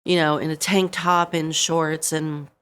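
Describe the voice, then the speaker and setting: A middle-aged woman, a podcast guest, telling a painful personal story in a halting way, full of "you know" and re-enacted lines. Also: low voice, level tone, clear, resonant tone. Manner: halting, full of you-knows, re-enacting her own words.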